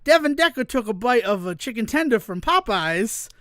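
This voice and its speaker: A podcast co-host in casual chat, telling stories in an animated way and swearing freely. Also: male voice, extremely high pitch, normal speed, no echo, clean studio sound.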